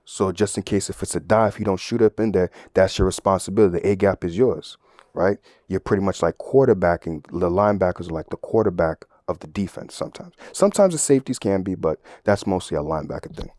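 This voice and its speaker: A man with a very low, deep voice talks through a casual sermon, recorded dry and close with no room sound. He explains things in a loose, conversational way and keeps checking in with his listeners. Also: quick pace, a little mellow, no room sound. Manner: conversational, tag questions, sports analogies. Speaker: Bible teacher.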